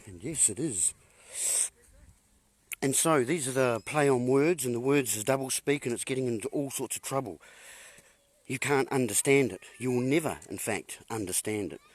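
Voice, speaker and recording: This is a man with a husky, breathy voice at a middle pitch, talking straight to his viewers in a long rambling monologue. He strings puns together, drifts from point to point and chuckles at his own jokes, now and then calling his listeners folks. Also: normal speed. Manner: punning, wandering, addresses listeners as folks. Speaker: host.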